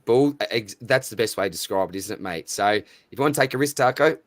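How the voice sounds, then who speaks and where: An Australian man hosting a live stream in a relaxed, matey way, calling out viewers by name. His voice sits fairly low, and the sound is dry and close with no room echo. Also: quick pace. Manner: matey, chatty, reads out viewer names. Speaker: livestream host. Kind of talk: casual live stream chat.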